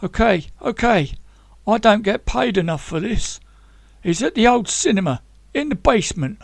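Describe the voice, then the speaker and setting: A man's voice: high-pitched, animated, normal speed, creaky, no room sound, voice pushed up, heavily acted. A man voicing a scared, blustering thug with a London accent. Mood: panicked.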